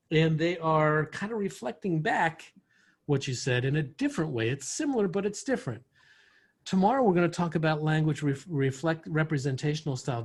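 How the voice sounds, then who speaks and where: Male workshop instructor, husky, slightly high, explanatory, video-call sound. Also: darkish tone. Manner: explanatory, gives worked examples. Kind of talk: online workshop teaching.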